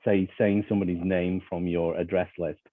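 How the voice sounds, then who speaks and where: A man's voice: sits low, little pitch movement, moderate pace, no room sound. An Australian man in casual panel chat, talking hesitantly with many restarts. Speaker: club member on panel. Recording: tinny phone-like line.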